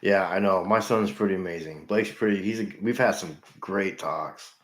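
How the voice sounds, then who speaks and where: Middle-aged man, very low voice, earnest and halting, echoey room. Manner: earnest, halting, repeats himself. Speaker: livestream host in recovery. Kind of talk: casual livestream chat with viewers.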